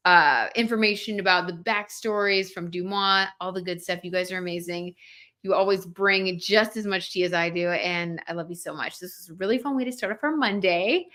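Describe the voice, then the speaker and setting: A young woman's mid-range, sharp-toned voice carries her livestream tarot reading. She chats informally, says "like" often, and reads comments from viewers out loud.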